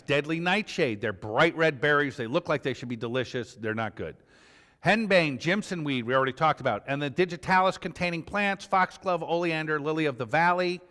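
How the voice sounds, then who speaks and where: A man's voice: a little high, a bit bright. Man lecturing in a reverberant hall. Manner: conversational, tells clinical anecdotes. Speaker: emergency medicine lecturer. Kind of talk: board review lecture.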